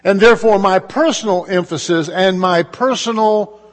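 A man preaching a sermon as pastor, in a measured style with emphatic pauses and conversational asides. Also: high voice, in a large hall.

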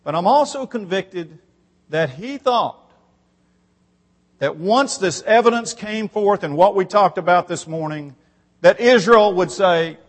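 A sermon echoes through a long hall reverb as a man reads scripture and drives home his points, voice rising on repeated phrases. He sounds high, expressive and unhurried.

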